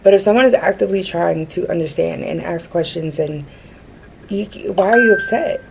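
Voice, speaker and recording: A woman's voice: on the low side, moderate pace, gravelly, darkish tone, a little hiss or hum, rough recording. A woman vlogging a rambling personal rant, earnest and frustrated, with many fillers and restarts.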